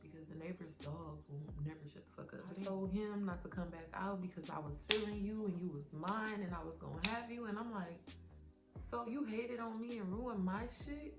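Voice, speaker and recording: Woman, casual storytime vlogger, animated, profane, talks to viewers, roomy echo, clear music behind. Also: lowish voice, fairly quick, few pauses.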